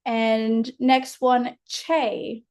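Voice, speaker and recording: A woman's voice: on the high side, little pitch movement, drawn-out words, darkish tone, clear, resonant tone. An Australian woman tutoring a child through a phonics lesson, patient and encouraging. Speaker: reading tutor.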